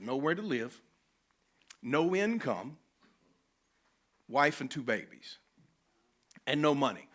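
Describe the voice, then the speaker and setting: A man's voice: medium pitch, fairly bright tone. A man, telling a personal story animatedly as a conference speaker. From North Carolina, US. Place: conference venue.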